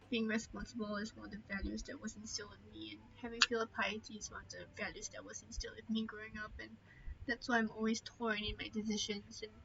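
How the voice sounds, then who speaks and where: A woman's voice: mid-range voice, sharp tone, muffled recording, slight background noise. A young woman streamer chatting candidly and openly, holding back tears, trailing off often with fillers. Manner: open, heartfelt, trailing off with many fillers. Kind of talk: candid casual chat.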